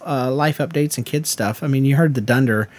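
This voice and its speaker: A man's voice: medium pitch, fairly quick. A man who is a podcast co-host and pastor in casual chat, loose and joking. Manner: loose, joking, fond of tangents.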